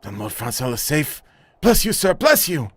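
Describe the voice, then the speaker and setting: A man's voice: medium pitch, sing-song, normal speed, slightly rough, no room sound, voice pushed up. A man voicing a devoted young knight in a video game, speaking eagerly with a raised voice. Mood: relieved.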